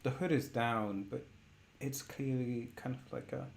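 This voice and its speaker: Male game master, unhurried delivery, mid-pitched, building dread slowly. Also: steady tone, gravelly, slight background noise. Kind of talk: narrating a horror tabletop game.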